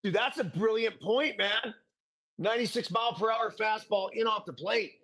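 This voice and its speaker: A man hosting a casual sports chat, excitable and saying "dude" a lot. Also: high voice, moderate pace. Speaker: podcast host.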